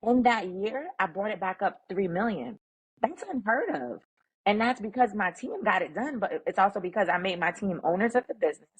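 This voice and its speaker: A middle-aged woman, a guest speaker, telling workplace stories in an animated, emphatic way and acting out the quoted talk. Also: mid-range voice, brisk, breathy edge, rough recording. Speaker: guest, emotional intelligence speaker. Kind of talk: conversational storytelling.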